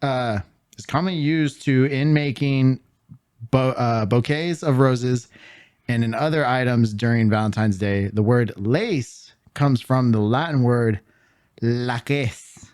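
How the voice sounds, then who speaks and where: A young man co-hosting a casual podcast, laid-back and quick to laugh, swearing freely. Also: medium pitch, a little mellow, clear, resonant tone, no echo, clean studio sound. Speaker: podcast co-host. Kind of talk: casual chat.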